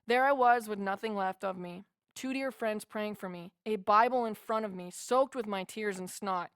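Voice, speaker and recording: A woman's voice: mid-range voice, normal speed, clean tone, no echo, clean studio sound. A woman narrating a first-person memoir as an audiobook, in an earnest, heartfelt way.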